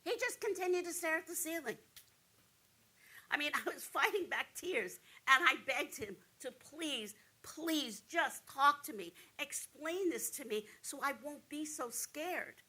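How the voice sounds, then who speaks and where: An actress playing a frightened, angry woman patient on stage, telling of a rude doctor and swinging between hushed whispers and loud outbursts. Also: sits high, exaggerated voice. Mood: pleading. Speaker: stage actor playing a breast cancer patient. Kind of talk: theatrical monologue.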